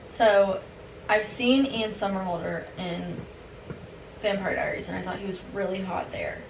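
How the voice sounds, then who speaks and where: A chatty woman talks candidly as a podcast guest, her sentences full of "like." She sounds far off in a roomy, echoey space, with a clear hiss running underneath. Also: medium pitch, fairly even intonation, measured pace. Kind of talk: casual chat. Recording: echoey room, distant mic, hiss.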